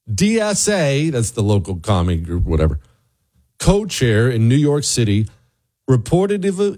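A man hosting a talk show, delivering sarcastic, opinionated political commentary in a ranting manner. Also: mellow. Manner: sarcastic, ranting, swings pitch widely for emphasis. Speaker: show host.

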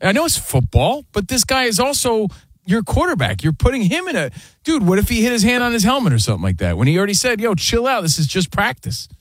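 A man co-hosting a sports talk show, arguing and joking in casual, animated banter from a studio. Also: high-pitched, fast, no echo. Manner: animated, argumentative, jokey. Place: radio studio.

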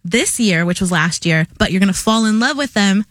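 A woman's voice: mid-range voice, lively intonation, fairly quick, fairly bright tone, no echo, clean studio sound. Chatty, giggly young woman. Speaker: radio show guest co-host. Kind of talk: casual chat.

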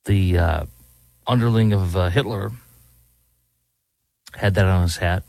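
A man's voice: deep voice, unhurried, gravelly, a little mellow, dry recording. A man hosting a talk show, ranting in opinionated political commentary and now and then mocking people with impressions. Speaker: talk radio host. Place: Dallas.

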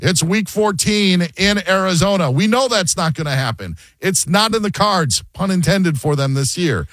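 A man hosts a sports radio talk show, his voice swinging widely in pitch as he jokes and acts out little scenes. The sound is dry and close, with no room around it. He keeps the banter loose and conversational. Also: dry recording. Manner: animated, joking, acts out quotes.

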